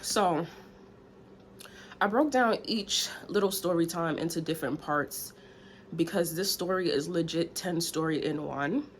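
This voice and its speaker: A woman's voice: lowish voice, measured pace, a little hiss or hum. A woman, chatting candidly in a story time vlog, a little out of breath. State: slightly out of breath. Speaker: vlogger. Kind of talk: casual story time chat.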